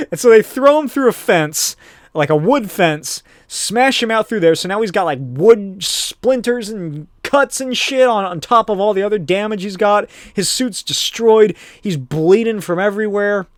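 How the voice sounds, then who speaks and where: A man's voice: high-pitched, animated, moderate pace, no room sound. Man, podcast host, casual rambling recap, profane, dry close sound. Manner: rambling, profane, chatty with laughs.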